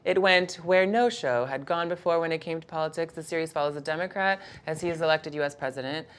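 A woman's voice: sits low, fast talker. A woman co-hosting a podcast, reading show descriptions aloud as quiz clues in a casual, easy manner. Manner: reads clues steadily, laughs easily. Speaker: podcast co-host running a quiz.

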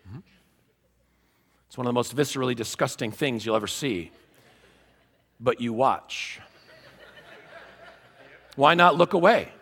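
A man giving a humorous teaching talk to a live audience, an animated and self-mocking storyteller. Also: mid-range voice, measured pace, pauses often, breathy edge. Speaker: conference speaker. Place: large conference hall. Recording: long hall reverb.

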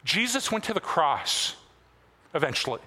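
A man's voice: a little high, sing-song, normal speed, bright, forceful tone. A man preaching a sermon as pastor, conversational and self-deprecating, with casual asides. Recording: long hall reverb.

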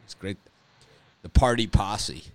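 A man with a fairly low voice hosts a loose sports betting chat. He rambles and repeats himself with easy enthusiasm. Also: slow pace. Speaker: sports betting show host. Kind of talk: casual sports chat and storytelling.

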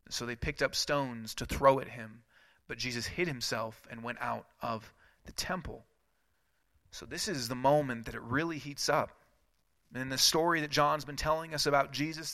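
A pastor preaching a sermon, reading scripture with rising intensity and adding casual asides. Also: male voice, on the high side, pushed and bright, no echo.

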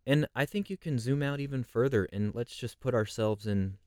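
A man's voice: medium pitch, normal speed, a little mellow, no echo, studio quality. A man leading a conversational Bible study, reflective and posing rhetorical questions.

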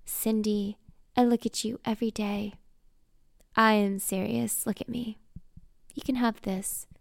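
An easygoing teenage jock who sweet-talks in a relaxed way, read by a woman in her own gravelly voice. The sound is dry and close. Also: mid-range voice, unhurried, no room sound. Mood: laid-back. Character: high school jock boy, easygoing and smooth.

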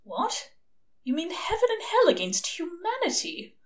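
A woman voicing a prim, anxious male angel who sounds fussy and hesitant, pitching up into a lighter, lilting register. He comes across gentle and proper in a storybook reading. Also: wildly swooping pitch, unhurried, heavily acted. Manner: prim, hesitant, lifted higher.

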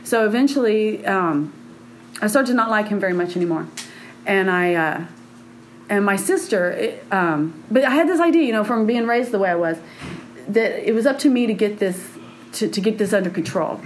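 A woman's voice: medium pitch, lively intonation, normal speed, slight background noise, low-quality recording. A woman telling a personal story in a frank, meandering way with frequent laughter.

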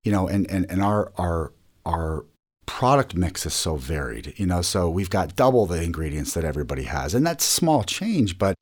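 A man's voice: low-pitched, very animated, moderate pace. A man answering interview questions about his restaurant chain, rambling with lots of restarts and repeated words.

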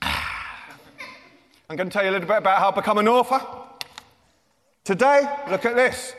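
A man's voice: high voice, expressive, moderate pace, fairly bright tone. Self-mocking man in a big hall. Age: 40s. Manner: playful, self-mocking, teasing. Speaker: children's author. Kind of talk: comic talk to a young audience. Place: large lecture theatre. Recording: reverberant hall.

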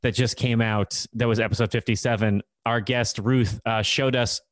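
A man's voice: mid-range voice, fairly even intonation, moderate pace, dry recording. A man co-hosting a podcast in casual chat, with a playful, joking way of talking. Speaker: podcast co-host.

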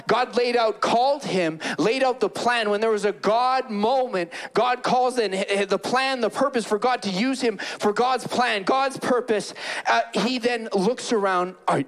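A man in his thirties preaching a sermon, telling stories with animation and acting out the people in them. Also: sits high. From Canada. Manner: animated storytelling, acts out quoted people. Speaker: pastor.

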